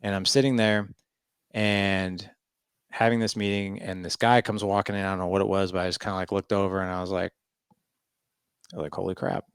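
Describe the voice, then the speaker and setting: A man in his forties with a low, gravelly voice tells a story as a podcast guest. He acts out the quotes with lively "I was like" asides. The sound is dry and close. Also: a little fast, pauses often, no room sound. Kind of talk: storytelling interview.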